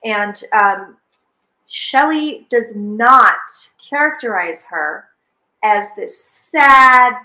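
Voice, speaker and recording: A woman with a bright, forceful voice and a slightly high pitch tells stories with lively energy. She acts out quoted lines as she goes. The room gives her voice a noticeable echo. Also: extremely slow. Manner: animated storyteller who acts out quoted speech. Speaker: psychic medium and host. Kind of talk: casual chat.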